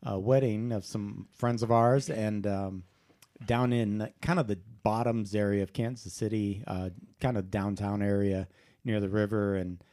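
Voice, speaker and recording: A man's voice: on the low side, fairly even intonation, unhurried, dark tone. A man co-hosting a casual podcast chat, telling a story in a laid-back way with dry one-liners. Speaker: podcast co-host.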